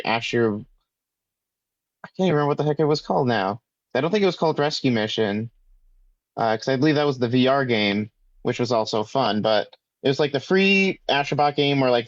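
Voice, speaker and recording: A laid-back man co-hosting a podcast, his voice at a middle pitch. He thinks aloud, with lots of "uh" and "like". The sound is dull and lo-fi, and dry. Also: no room sound. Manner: relaxed, thinks aloud with many fillers. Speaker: podcast co-host. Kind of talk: casual chat.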